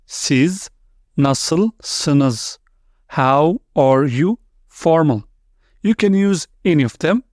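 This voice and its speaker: A man teaching a language lesson, repeating words slowly and clearly, with small slips in his English. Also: on the high side, a little mellow, no room sound, clean studio sound. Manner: non-native English with small grammar slips. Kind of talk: slow, deliberate language lesson.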